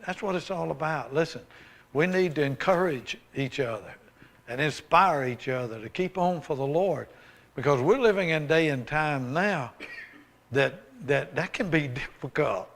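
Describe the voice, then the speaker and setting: A man's voice: on the high side, lively intonation, moderate pace, gravelly. A man giving a folksy, emphatic sermon testimony as a guest preacher, reading scripture aloud with rising force.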